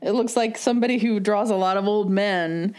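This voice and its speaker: A woman's voice: mid-range voice, brisk, a little mellow, smooth. A woman co-hosting a casual chat, making wry jokes. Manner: wry, joking.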